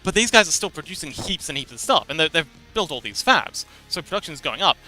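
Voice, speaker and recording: A man's voice: fairly high pitch, very animated, fast, bright, forceful tone, faint music behind. A man livestreaming, explaining something in a rambling, casual way, repeating words and laughing now and then.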